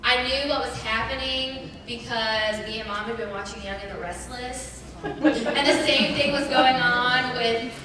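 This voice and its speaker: A young woman sharing a personal testimony with a church congregation, chatty and animated, with many "like" fillers. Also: a little high, a little slow, crowd noise. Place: church hall. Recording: very echoey church hall, distant mic, faint noise.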